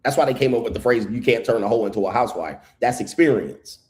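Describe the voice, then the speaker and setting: A man's voice: medium pitch, expressive, fast talker, darkish tone. A man reacting to a video clip with blunt, mocking commentary, swearing freely as he talks. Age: adult past his first marriage.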